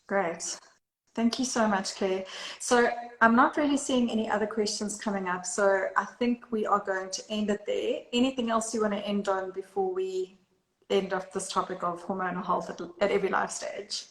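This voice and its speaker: A woman's voice: medium pitch, steady tone, normal speed, reverberant, poor audio. A woman hosting a live online Q&A, friendly, reading out audience questions. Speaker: host.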